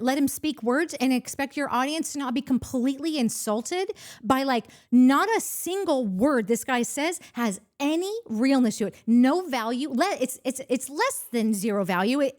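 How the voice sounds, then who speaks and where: A woman's voice: sits high, animated, darkish tone. A woman co-hosting a casual podcast, stumbling over her words as she argues a point with indignation. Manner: halting, stammering indignation. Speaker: podcast co-host. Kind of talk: casual reality-TV recap chat.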